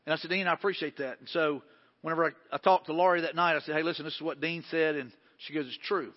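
A man preaching an earnest sermon as a pastor, rising to emphatic points and falling to hushed, quiet lines. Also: on the high side, fairly even intonation, fast talker. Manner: earnest, builds to emphatic peaks then drops to hushed tones. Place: church sanctuary. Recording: dull sound with long hall reverb.

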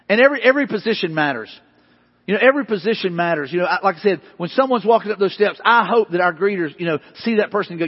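A middle-aged man delivers an animated, conversational sermon. His voice sits high and sounds a little husky. The recording carries a long echo from the church hall and a somewhat dull, muffled quality. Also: rapid-fire. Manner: animated, conversational preaching with repeated catchphrases. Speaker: pastor. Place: church sanctuary.

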